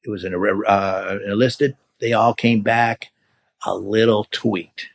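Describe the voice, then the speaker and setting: Older man telling lively stories. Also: fairly low pitch, takes it slowly, gravelly. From California. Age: 70s. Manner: animated storyteller who acts out quoted voices. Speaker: guest, veteran hang glider pilot. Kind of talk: casual storytelling in an interview.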